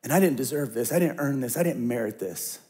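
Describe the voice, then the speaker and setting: A middle-aged man preaching a sermon as a pastor, talking conversationally and dropping to a hush when he tells stories. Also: medium pitch, animated, fast talker.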